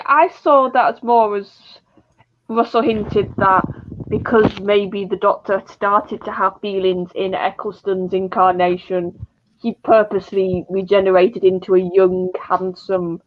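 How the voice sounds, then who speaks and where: A woman's voice: mid-range voice, steady tone, a little slow. A woman in a casual livestream chat, thinking aloud and often repeating her words. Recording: dull lo-fi mic.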